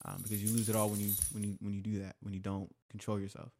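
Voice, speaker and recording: A man's voice: lowish voice, completely flat delivery, quick pace, mellow, slight background noise. Young male podcast host, open and confessional, loose rambling chat. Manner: candid and confessional, rambling with restarts.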